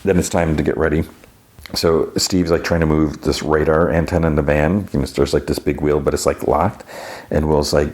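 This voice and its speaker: A podcast host talks through an episode in a relaxed, rambling way. His voice sits very low, and he leans on fillers and restarts as he retells scene after scene. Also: moderate pace. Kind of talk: casual episode recap.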